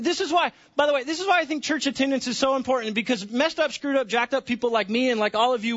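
A man preaching a sermon to his congregation, passionate, dropping to hushed tones and then rising to near-shouts. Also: very high-pitched, highs cut off. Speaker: pastor.

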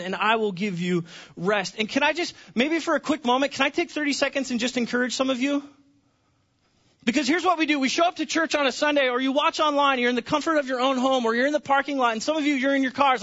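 A man's voice: extremely high pitch, fairly bright tone, lo-fi sound. A man preaching a Sunday sermon in a church, conversational, often repeating words and restarting phrases. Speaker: pastor.

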